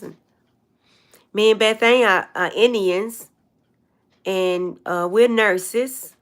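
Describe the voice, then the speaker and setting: A woman's voice: mid-range voice, fairly even intonation, slow pace, long pauses, fairly bright tone, clear, resonant tone. An older woman hosting a casual livestream chat, telling long meandering stories and greeting viewers. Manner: rambling, meandering storyteller. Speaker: livestream host.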